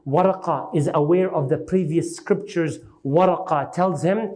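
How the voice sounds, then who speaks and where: Male lecturer, high pitch, dramatic storyteller who quizzes his audience. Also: normal speed, few pauses, a little mellow. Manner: dramatic retelling, voices the people in the story; engages the audience with questions. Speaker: Islamic lecturer.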